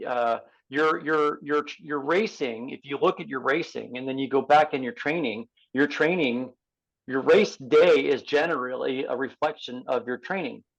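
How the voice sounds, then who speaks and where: A man's voice: mid-range voice, moderate pace, gravelly, dull audio. A man who coaches triathletes, talking casually on a podcast and explaining through practical examples and quoted exchanges with athletes.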